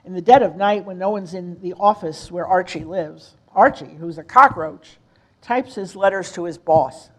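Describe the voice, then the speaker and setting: An older woman reading poetry aloud in a measured way at a retirement community. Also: lowish voice, a bit bright, low-quality recording. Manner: slow, measured recitation. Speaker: resident reader.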